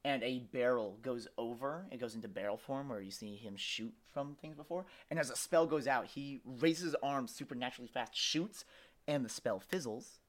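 A man's voice: medium pitch, moderate pace. A young man narrating as game master of a tabletop game, setting scenes vividly and dramatically.

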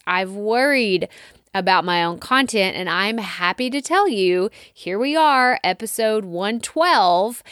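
Woman, Texas accent, solo podcast host, encouraging and conversational, middle pitch, dry studio sound. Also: fairly bright tone, clear, resonant tone, no room sound. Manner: chatty and encouraging, acts out listeners' doubts. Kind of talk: solo podcast coaching talk.

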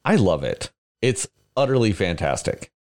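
A man's voice: on the low side, normal speed. A man co-hosting a podcast, talking casually and profanely, mocking himself about the films he loves. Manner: profane, self-mocking, animated. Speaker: podcast co-host. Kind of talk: casual chat.

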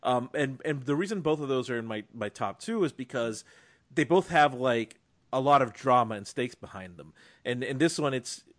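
A man's voice: mid-range voice, lively intonation, normal speed, fairly bright tone. A man co-hosting a film podcast, chatting casually and emphatically with frequent restarts. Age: young adult or middle-aged, a father. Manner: enthusiastic, emphatic, many restarts. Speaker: podcast co-host.

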